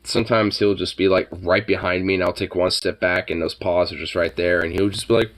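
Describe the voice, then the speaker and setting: A man's voice: deep voice, fairly even intonation, brisk, few pauses, fairly bright tone. Rambling, foul-mouthed man on a stream. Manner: rambling, profane, many filler words. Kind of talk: casual stream chat.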